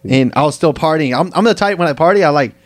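A man's voice: fairly high pitch, animated, quick pace, dry recording. A young man co-hosting a podcast, telling a story in casual, profane slang. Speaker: podcast co-host. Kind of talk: casual chat.

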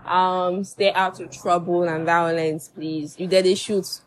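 A woman's voice: fairly low pitch, flat delivery, unhurried. A young woman with a Nigerian accent hosts a loose, playful podcast chat. She teases, laughs a lot and mixes pidgin into her English. A faint noise sits behind her voice. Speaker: podcast host. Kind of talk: casual chat.

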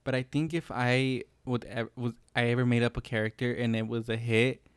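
A young man co-hosting a casual podcast, rambling, joking and swearing as he talks. His voice sits at an ordinary middle pitch. It is recorded close in a dry room. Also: level tone, fairly quick, clean tone, no room sound. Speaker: podcast co-host. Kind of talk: casual chat.

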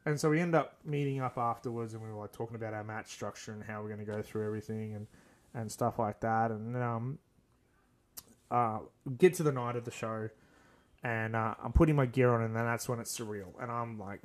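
A man's voice: medium pitch, steady tone, fairly quick. Young aussie guy rambling thru a story on his podcast, earnest, plays out the quotes. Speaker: podcast host. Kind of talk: casual storytelling.

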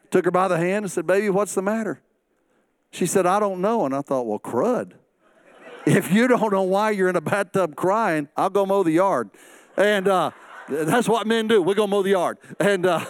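Man, middle-aged pastor, sermon, high voice, dry close sound, humorous asides. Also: clean tone, no room sound. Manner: preaching with quoted asides and humor.

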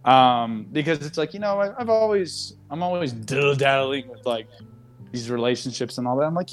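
A man's voice: medium pitch, lively intonation, moderate pace, soft background music. A young man hosting a casual podcast from his desk at home, talking in a rambling, candid way full of fillers and restarts. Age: young adult. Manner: rambling, open and candid, with frequent fillers and self-interruptions. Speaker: podcast host. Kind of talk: casual chat.

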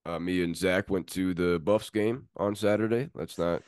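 A male podcast host with a notably low voice, easygoing and friendly as he chats sports. The recording is dry, with no room sound. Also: moderate pace, a little mellow, clean tone, no echo. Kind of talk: casual sports podcast chat.

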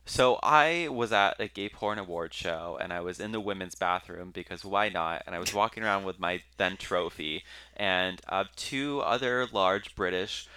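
Man, young adult, podcast co-host, casual storyteller, bright, dry sound. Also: sits low, moderate pace, smooth, dry recording. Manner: storytelling, plays the voices of others.

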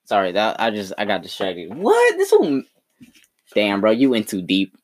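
A young man co-hosting a casual podcast, teasing his friend in a rambling, slangy way. His voice sits on the lower side and sounds dry and close to the mic. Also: fairly even intonation, a little fast, dry recording. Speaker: podcast co-host. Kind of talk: casual chat.

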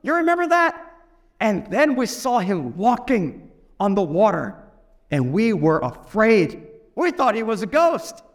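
A man doing the apostle James, his voice lifted well above his usual speech. This James is eager and animated, recalling old times with his friends. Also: sits high, measured pace, full character voice. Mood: excited.

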